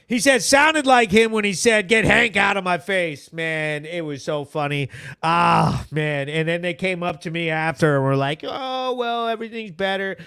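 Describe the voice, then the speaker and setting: A man's voice: fairly high pitch, steady tone, normal speed, creaky, bright, forceful tone, clean tone, no echo, studio quality. A man hosting a live local news recap show, reading viewer comments aloud in a brash, joking, slangy way that sometimes turns sing-song. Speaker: host.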